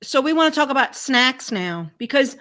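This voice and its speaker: A woman co-hosting a casual live stream chat about food, chatty and quick to laugh, often restarting her words. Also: sits high, animated, fairly bright tone.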